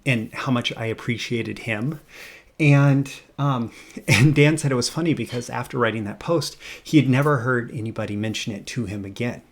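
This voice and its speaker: A man talks casually to the camera as the host of his own video, rambling along with frequent fillers and restarts. His voice has a gravelly, creaky texture at a middling pitch.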